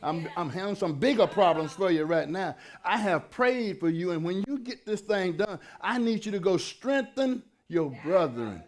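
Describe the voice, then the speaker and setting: A man preaching a sermon as pastor, fervent and conversational, building to shouted peaks with folksy asides. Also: high-pitched, lively intonation, normal speed, few pauses.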